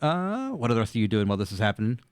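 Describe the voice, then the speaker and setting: A man's voice: fairly low pitch, huge pitch swings, racing, clean tone, no room sound. A man running a tabletop game as dungeon master, narrating loosely with fillers and cursing.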